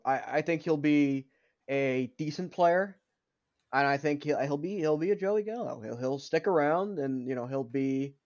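A man's voice: medium pitch, darkish tone, no echo. Young guy on a sports pod, pushes back a lot, repeats himself, kinda muffled lo-fi sound. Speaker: podcast co-host. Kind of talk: casual sports chat.

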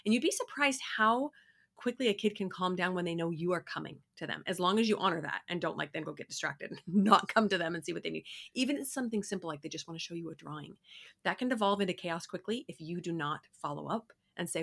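A woman's voice: on the low side, fast talker, pushed and bright. A middle-aged woman co-hosting a podcast, chatting earnestly and laughing often. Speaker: podcast co-host. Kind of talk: casual chat.

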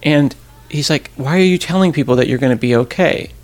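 A middle-aged man, a podcast host, telling a personal story in a casual, animated way and acting out the people he quotes. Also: a little high, a little fast, soft background music. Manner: animated, acts out quoted voices, laughs at himself.

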